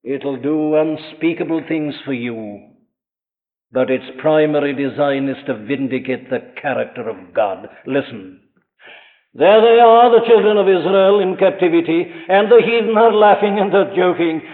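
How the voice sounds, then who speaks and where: A man's voice: a little high, in a large hall, phone-quality sound. Man preaching on a thin archive recording. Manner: emphatic, asks the listener rhetorical questions; slows down and rises for stressed phrases. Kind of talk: sermon.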